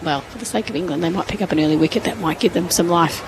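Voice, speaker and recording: A woman's voice: fairly low pitch, fast talker, background noise. A woman giving thoughtful, analytical cricket commentary from a ground's commentary box.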